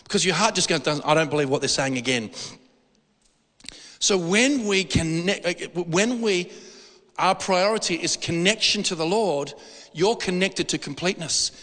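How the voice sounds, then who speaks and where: A man preaching a sermon, animated and emphatic, repeating words for stress. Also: high-pitched. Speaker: pastor. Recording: hall reverb.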